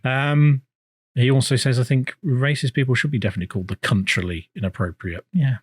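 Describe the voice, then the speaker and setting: A man's voice: mid-range voice, quick pace, slightly rough, dry recording. A man hosting a casual streamed podcast, reading out chat in a laid-back way with lots of fillers and swearing.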